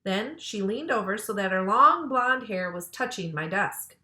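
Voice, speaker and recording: A woman librarian reads a children's chapter book aloud with lively expression. Her voice is bright and clear. The recording has a roomy, echoey sound. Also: medium pitch, measured pace. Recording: roomy echo.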